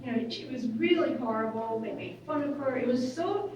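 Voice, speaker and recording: A woman giving a conversational workshop talk, relating stories to the room in a slightly raised pitch. She sounds distant from the microphone, and the conference hall rings with heavy echo. A clear hum of room ambience sits under her voice. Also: expressive, moderate pace, darkish tone, muffled recording. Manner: conversational, acts out quoted voices. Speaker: workshop speaker. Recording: echoey hall, far from mic, room noise.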